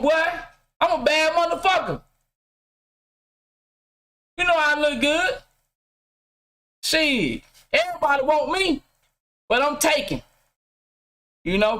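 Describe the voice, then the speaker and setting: Middle-aged man, high voice, casual livestream host, preachy and profane with shouted bursts. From Mississippi, US. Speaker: podcast host. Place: home game room.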